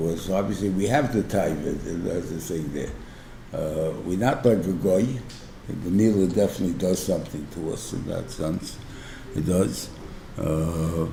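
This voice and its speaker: A New rabbi giving an informal class, talking conversationally, often checking in with "right?" and using everyday examples. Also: male voice, low-pitched, vocal fry, warm tone, reverberant, slight background noise. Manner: explains through everyday examples. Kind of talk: informal Torah class lecture.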